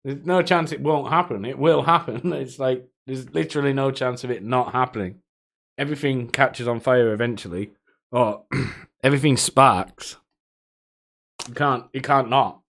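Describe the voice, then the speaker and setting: A man's voice: mid-range voice, moderate pace, vocal fry, a bit bright. A man streaming live, chatting casually with viewers in a rambling, profane way, often laughing to himself.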